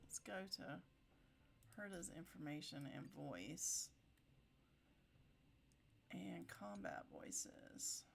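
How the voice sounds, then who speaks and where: A woman's voice: low-pitched, very animated, very slow, gravelly, pauses often. A woman streaming a video game playthrough, commenting playfully and giggling.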